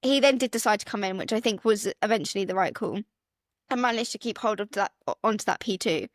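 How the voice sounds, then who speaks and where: A woman co-hosting a motorsport podcast in casual chat, talking fast and acting out her own reactions. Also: mid-range voice, dry recording, clean studio sound. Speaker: podcast co-host.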